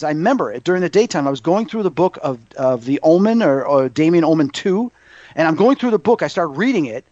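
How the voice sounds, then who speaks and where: A man's voice: fairly high pitch, no echo. A man in his fifties, a psychic medium guest, telling stories in a casual interview and acting out quoted voices. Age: 50s. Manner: animated, acts out quoted voices. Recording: dull muffled audio.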